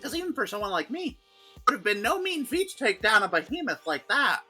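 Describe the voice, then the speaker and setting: A man's voice: high-pitched, very animated, a little fast, bright, forceful tone, husky, faint music behind, voice pushed up, heavily acted. A man voicing a gleeful, sadistic male bear mascot villain, reading game dialogue in a taunting sing-song.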